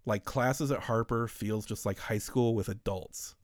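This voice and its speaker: A man's voice: lowish voice, a little slow, dry recording, clean studio sound. Profane, rambling man in casual chat.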